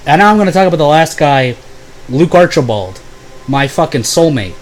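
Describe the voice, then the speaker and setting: A man's voice: fairly high pitch, animated, normal speed, slight background noise. A young man telling a rambling, profane storytime full of "like" and fillers. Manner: bursts into loud exaggerated impressions. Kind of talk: casual storytime.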